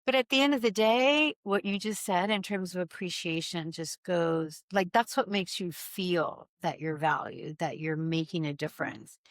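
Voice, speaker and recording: Female host, lowish voice, affirming and reflective, dry close recording. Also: moderate pace, few pauses, no echo. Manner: warm, affirming, reflective questioner. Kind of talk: casual interview conversation.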